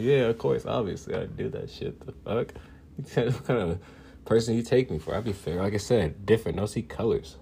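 Brief: a man with a husky, mid-pitched voice doing a profane, boastful comic rant. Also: dark tone. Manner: profane, boastful, laughing often. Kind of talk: casual comedic rant.

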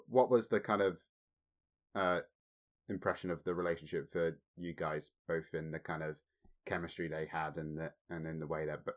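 Deep-voiced dude hosting a movie podcast, asks the others what they thought. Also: male voice. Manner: thoughtful, poses questions to others. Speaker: podcast host. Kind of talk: casual film discussion.

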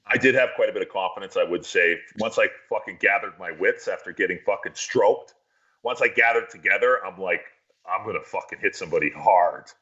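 A man's voice: lowish voice, fairly quick, pushed and bright, muffled recording. A man casually telling a long, profane, rambling story on a podcast.

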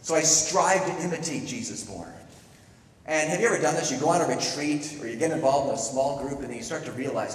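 Animated preacher in an echoey hall. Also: male voice, on the high side, brisk, distant mic. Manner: animated storytelling with playful acted quotes. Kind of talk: sermon. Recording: echoey hall, speaker away from the mic.

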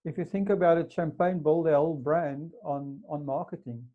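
A man's voice: on the high side, steady tone, normal speed. A man interviewing a guest, explaining history at length with many fillers. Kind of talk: casual interview chat. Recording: dull lo-fi sound.

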